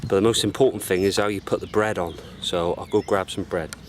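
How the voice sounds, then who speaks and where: A man, chatting casually while fishing outdoors by a lake and explaining his steps as he goes, sometimes whispering to stay quiet. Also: low-pitched, steady tone, a little fast, slight background noise. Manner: whispers to keep quiet by the water. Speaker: fishing vlogger.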